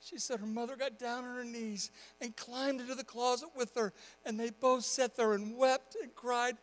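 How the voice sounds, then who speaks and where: A male pastor preaching a sermon, telling a story quietly and then rising into loud, impassioned exhortation. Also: very high-pitched, steady tone, moderate pace. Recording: long hall reverb.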